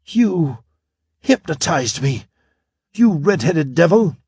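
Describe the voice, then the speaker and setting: A sultry, hot-tempered alien woman voiced by a man reading an audiobook, her voice pitched up and lilting. She purrs and flatters, then snaps into venom. Dry, close sound. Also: slow pace, slightly rough, no echo, exaggerated voice. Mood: furious. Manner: purring, then spitting fury.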